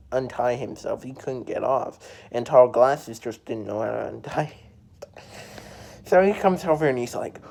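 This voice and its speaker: This is a young adult spinning a casual storytime for a vlog. The delivery halts often, full of fillers and restarted phrases, with laughs breaking in at the memory. The voice sits at an ordinary middle pitch. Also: a little mellow. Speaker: storytime vlogger.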